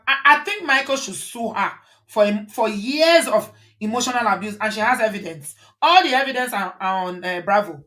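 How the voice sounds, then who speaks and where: A woman host giving an animated, indignant commentary, firing off rhetorical questions. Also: medium pitch, moderate pace. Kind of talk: casual commentary.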